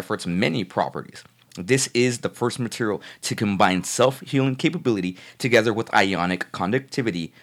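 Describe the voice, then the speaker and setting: A man co-hosting a casual podcast, reading articles aloud with a relaxed, profane manner and occasional stumbles. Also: fairly low pitch. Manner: profane, laid-back, stumbles when reading. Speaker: podcast co-host reading news.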